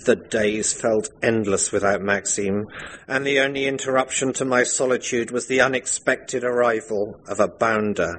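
A man narrating a comic parody in a dry, deadpan storytelling manner. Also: mid-range voice, moderate pace, a little hiss or hum, low-quality recording.

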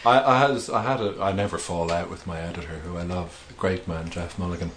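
A man's voice: deep voice, fairly even intonation, brisk, a bit bright, slight background noise. A middle-aged male author being interviewed, talking thoughtfully with hesitations and restarts. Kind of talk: reflective conversational interview.

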